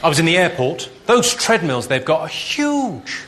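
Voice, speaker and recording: A man performing a stand-up comedy set, delivering dry deadpan one-liners. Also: a little high, normal speed. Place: live comedy venue. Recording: live show with loud background noise.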